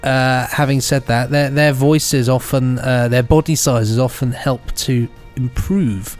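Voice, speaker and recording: A man's voice: medium pitch, steady tone, a little slow, darkish tone, faint music behind. A man co-hosting a podcast, chatting casually and joking along with his partner. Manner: playful, laughs and riffs on jokes. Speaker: podcast co-host. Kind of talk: casual chat.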